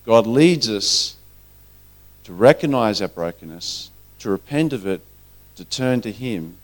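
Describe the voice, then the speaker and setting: A man's voice: on the low side, lively intonation, measured pace. A man preaching a sermon, telling a story earnestly and acting out the quoted lines.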